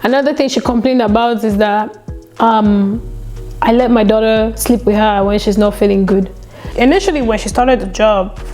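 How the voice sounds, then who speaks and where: A young woman telling a story on her vlog in a chatty, animated way, full of "like" and "you know.". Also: a little high, rough recording. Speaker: vlogger.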